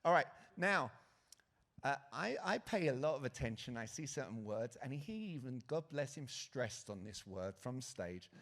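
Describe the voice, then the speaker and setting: A man's voice: medium pitch, moderate pace. A man giving a live sales talk at a conference, asking the audience questions and acting out quotes. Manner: lively, asks the audience questions, acts out quotes. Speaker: conference speaker. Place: conference hall stage.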